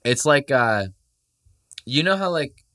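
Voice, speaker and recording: Speaking slowly at a medium pitch, a podcast host with Puerto Rican heritage keeps the mood casual. He swears freely, jokes a lot, and animates quoted speech by acting it out.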